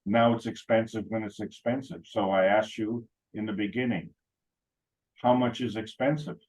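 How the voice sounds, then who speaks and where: Low husky man, rambling anecdotes. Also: darkish tone, poor audio. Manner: rambling, anecdotal, with frequent fillers and restarts. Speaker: meeting speaker. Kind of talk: casual talk.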